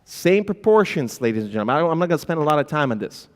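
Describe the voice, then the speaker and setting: A man gives a conference talk in a hall with long reverb, racing along in a slightly high voice full of big pitch swings. Speaking directly to listeners, he acts out founders who get flustered and stumble over filler words.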